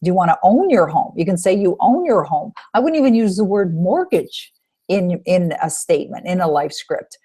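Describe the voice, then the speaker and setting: An upbeat woman coach teaches on an online call with a somewhat low voice. She stresses her points and keeps asking her listeners rhetorical questions. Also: expressive, normal speed, dark tone, husky. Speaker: self-help coach.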